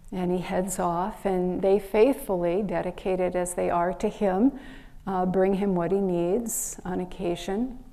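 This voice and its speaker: Slow, gravelly-voiced woman minister. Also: lowish voice. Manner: slow, gentle storytelling with pauses. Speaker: minister giving a Sunday service. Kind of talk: sermon with storytelling.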